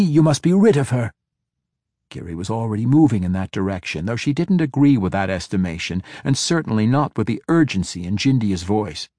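Man narrating fantasy audiobook, low voice, dry close sound, measured dramatic delivery. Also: darkish tone, dry recording.

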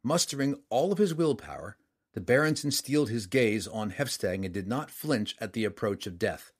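A man narrating a fantasy story as an audiobook, in a measured, dramatic reading. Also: on the low side, animated, husky.

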